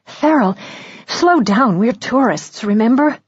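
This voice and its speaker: A woman's voice: fairly high pitch, animated, slow, slightly rough, dry recording, highs cut off, pitched above the performer's own voice, exaggerated voice. Mrs. Pollifax, a woman voicing a plucky older spy. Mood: urgent.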